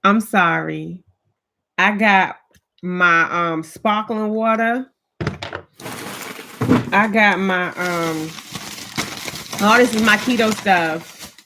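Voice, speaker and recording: A woman's voice: mid-range voice, very slow, pauses often, noisy background. A woman, telling stories as she chats casually with viewers on a home live stream. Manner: chatty storytelling, greets commenters by name. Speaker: vlogger doing a live stream. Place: at home, indoors.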